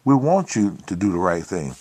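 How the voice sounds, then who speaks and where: A man's voice: deep voice, big pitch swings, normal speed, a little mellow, breathy edge. A man hosting his own talk show, giving a blunt, profane, preachy monologue. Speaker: podcast host. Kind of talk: casual monologue.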